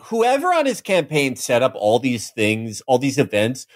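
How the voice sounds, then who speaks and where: Man, podcast host, lively swooping pitch, mocking comic anecdotes. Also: moderate pace. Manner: animated storytelling, mocking. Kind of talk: casual comedic chat.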